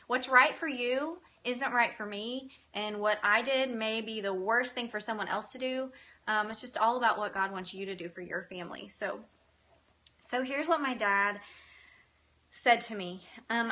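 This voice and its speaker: A woman hosting a live video, speaking in an earnest, gentle and encouraging way as she reads viewer comments. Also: fairly high pitch, moderate pace. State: tearful at times. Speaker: faith-based live video host. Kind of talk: live-stream talk, reading comments.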